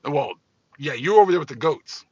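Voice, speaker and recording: A man voicing a male angel who calmly checks names against a list. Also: fairly high pitch, normal speed, slightly rough, no echo, lo-fi sound. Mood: matter-of-fact.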